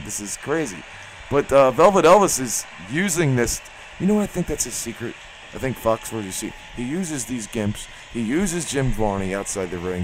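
A man doing mock wrestling play-by-play, rambling and excitable with sudden yelps. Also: mid-range voice, a little hiss or hum, poor audio. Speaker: play-by-play commentator.

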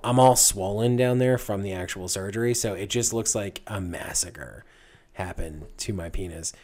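Man in his 30s, lowish voice, podcast guest, animated storyteller, laughs a lot. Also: normal speed. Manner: animated anecdote telling, laughing at own story. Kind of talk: casual storytelling chat.

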